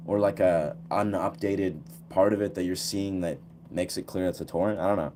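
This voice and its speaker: A young man talks loosely with his viewers, drifting through thoughts with plenty of fillers. His voice sits fairly low. A faint hiss runs under the recording. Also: moderate pace. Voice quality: relaxed, rambling, full of fillers. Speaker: livestream host. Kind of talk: casual chat answering viewers.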